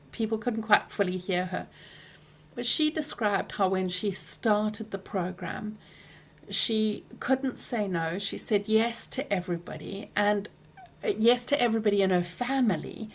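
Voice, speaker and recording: A woman coaching viewers directly, speaking earnestly and gently, often trailing off softly at the ends of phrases. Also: medium pitch. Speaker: program coach.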